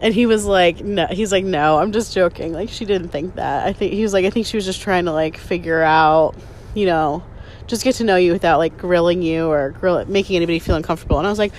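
A woman's voice: on the low side, fairly quick, slight background noise. A woman in her thirties telling a story in casual chat, sarcastic and full of "like", swearing freely. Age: 30s. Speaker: podcast host.

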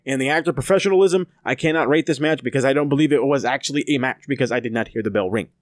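A man's voice: a little high, no echo, clean studio sound. Profane, sarcastic man recapping casually. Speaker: podcast co-host reviewing wrestling episodes.

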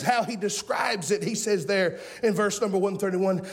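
Man, 40s, preacher, high-pitched, folksy, shouted sermon. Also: normal speed, hardly any pauses. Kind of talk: fiery sermon.

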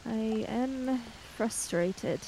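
A woman's voice: on the high side, very slow, mellow, slight background noise, low-quality recording. A woman voicing a proud swordswoman who speaks in short, clipped, cold lines. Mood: terse. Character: terse, proud swordswoman, young adult woman.

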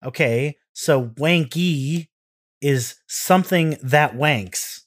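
A man co-hosting a podcast in casual chat, rambling and circling back with halting repeats. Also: a little high. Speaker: podcast co-host.

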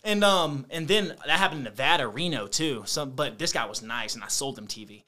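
Bright-voiced young man telling slangy stories. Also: mid-range voice, fairly quick. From United States. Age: young adult. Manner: slangy and animated, many fillers. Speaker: guest. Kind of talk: casual storytelling chat.

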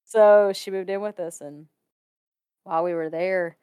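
A woman's voice: fairly low pitch, unhurried, smooth, no echo, clean studio sound. A woman from Ohio casually telling a spooky personal story, laughing often and acting out the people she quotes. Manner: animated, laughs often, acts out quoted voices. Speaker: guest telling a ghost story.

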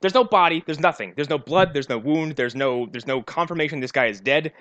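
A man's voice: on the high side, a little fast, a bit bright, dry recording, dull audio. A man with a slightly raised voice talks with sarcastic disbelief about a film's plot holes. The mic is dry and close. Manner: sarcastic, incredulous. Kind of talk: casual movie riff chat.

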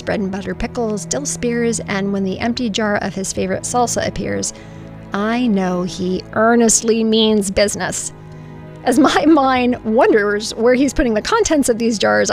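Gravelly-voiced woman narrating a memoir. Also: mid-range voice. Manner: emotional, earnest storytelling with spoken sound effects. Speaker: podcast host reading her own story.

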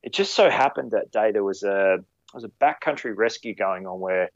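A ski patroller, recounting rescues in a halting way with many fillers and restarts. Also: male voice, fairly low pitch, expressive, no room sound, highs cut off. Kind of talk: conversational storytelling.

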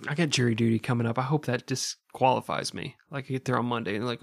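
A man's voice: medium pitch, steady tone, moderate pace, creaky, no room sound, clean studio sound. A man casually telling a true crime story on a podcast, joking and swearing and laughing often.

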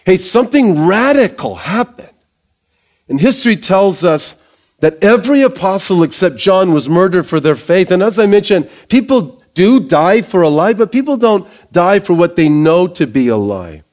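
A man preaching a sermon to his congregation, energetic and conversational, with joking asides. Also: high voice, normal speed. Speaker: pastor.

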